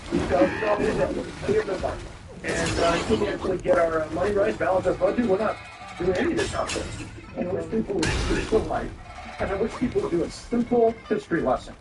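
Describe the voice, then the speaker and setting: A man's voice: high voice, fairly quick. A man co-hosting a casual podcast chat, opinionated and rambling, with jokey asides. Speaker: podcast co-host. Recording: roomy, distant mic with background noise.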